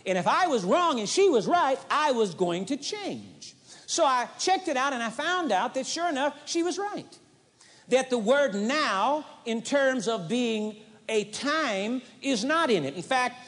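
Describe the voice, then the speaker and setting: High-voiced emphatic man preaching. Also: fairly bright tone. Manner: emphatic, repeats phrases for stress. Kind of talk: sermon. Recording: long hall reverb, 1980s audio tape.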